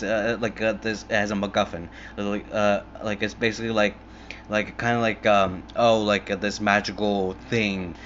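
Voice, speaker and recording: A man's voice: on the low side, a bit bright, lo-fi sound, a little hiss or hum. A young man in a casual, rambling monologue, filling every gap with "like" and swearing freely as he retells a film. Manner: rambling, filler-heavy, swears a lot. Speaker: movie fan retelling a film.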